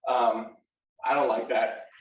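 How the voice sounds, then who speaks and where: A man's voice: medium pitch, level tone, slow. A male university counselor leading a live workshop, talking conversationally and often checking in with "right?". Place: classroom or workshop room. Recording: roomy, distant and dull live room recording.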